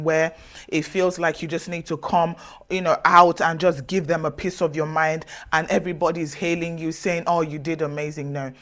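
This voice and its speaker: A woman speaking straight to the listener as a self-development speaker, giving earnest, direct advice in a measured way with emphatic pauses. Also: deep voice, a bit bright. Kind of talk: motivational advice talk to camera.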